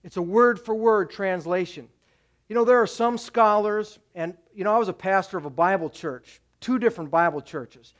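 A man's voice: sits high, moderate pace. A man preaching a sermon as pastor to his church, direct and exhorting, pressing his points with repeated commands.

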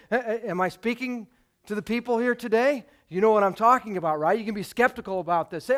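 A man's voice: sits high, fairly quick, fairly bright tone. A man preaching a sermon as pastor, emphatic and putting rhetorical questions to his congregation.

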